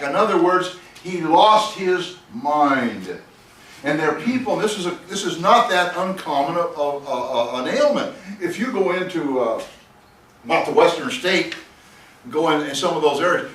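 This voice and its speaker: A man teaching a Bible class, chuckling and animated as he tells the story and reads scripture aloud. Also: fairly high pitch. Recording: echoey room, voice from a distance.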